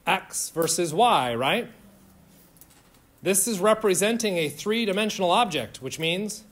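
Joking chemistry lecturer, raised pitch. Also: male voice, animated, measured pace, fairly bright tone. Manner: informal, joking, questions to students. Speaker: chemistry instructor. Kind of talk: classroom lecture. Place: lecture classroom.

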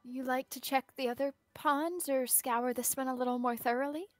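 A woman narrating scenes for a tabletop game, calm and descriptive. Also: sits high, brisk, faint music behind.

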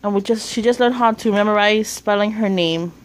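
A woman's voice: mid-range voice, brisk. A woman in a casual home vlog, chatting straight to her viewers through a handheld camera. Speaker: vlogger.

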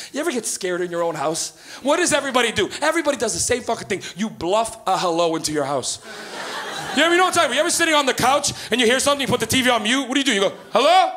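High-voiced, swearing comic on stage. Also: male voice, background noise. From Canada. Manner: loud, profane, storytelling with acted-out voices. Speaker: stand-up comedian. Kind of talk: stand-up comedy set. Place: comedy club stage. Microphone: handheld stage mic.

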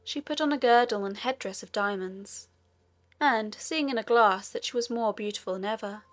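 A woman narrating a fairy tale audiobook in a steady storytelling manner. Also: fairly high pitch, moderate pace.

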